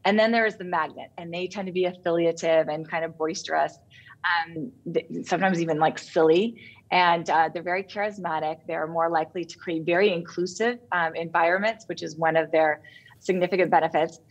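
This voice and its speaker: Lower-voiced woman explaining her research. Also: fairly even intonation, brisk, lo-fi sound. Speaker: professor and co-author.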